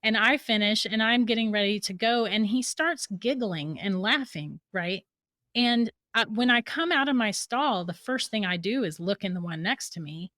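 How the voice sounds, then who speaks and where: A woman as a podcast guest, telling a story in a lively way and laughing through it. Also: medium pitch, normal speed, no echo, studio quality.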